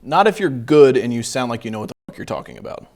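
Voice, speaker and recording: A man's voice: medium pitch, sing-song, fast talker, a little mellow. Blunt, swearing sales coach man. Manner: blunt, profane, mocking, laughs often. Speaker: sales coach reacting to a video. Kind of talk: casual reaction commentary.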